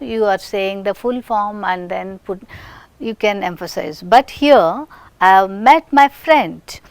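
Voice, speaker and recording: Slow Indian English woman lecturing. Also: mid-range voice, animated, dry recording. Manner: slow, deliberate, repeats example sentences with stress. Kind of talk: recorded phonetics lecture.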